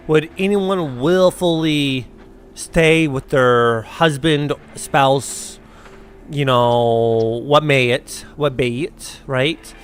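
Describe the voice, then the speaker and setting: A man streaming a game, talking casually in a rambling, sarcastic way with lots of swearing and restarts. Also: mid-range voice. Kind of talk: casual gameplay commentary.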